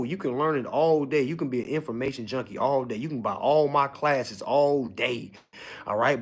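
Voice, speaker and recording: A man giving a casual, preachy motivational lecture to his students, tagging nearly every sentence with "all right?" and swinging from low mutters to loud urging. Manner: emphatic and preachy, constant "all right?" check-ins. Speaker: online course teacher.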